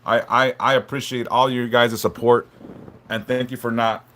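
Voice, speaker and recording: Halting, emotional man on a bright live stream. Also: mid-range voice, flat delivery, a little hiss or hum. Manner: halting, repeats words, heavy swearing; apologetic and openly vulnerable. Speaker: livestream host reading chat.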